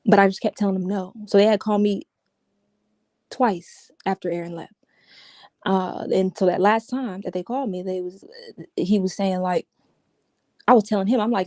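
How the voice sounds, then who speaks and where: Woman with a warm, mellow voice. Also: medium pitch, brisk, pauses often, no echo, clean studio sound. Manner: casual, repetitive, restarts often, says "yo". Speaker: interview guest. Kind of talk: emotional personal account.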